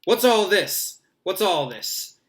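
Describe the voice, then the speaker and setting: A man reading aloud, voicing a vain, flamboyant teacher who speaks in a booming, jovial and self-important way. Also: animated, unhurried, a bit bright.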